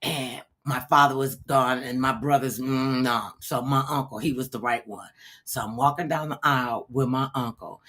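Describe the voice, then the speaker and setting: An older woman hosting a talk show, telling a long story in a casual, animated way and acting out the quotes. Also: very deep voice, normal speed, husky.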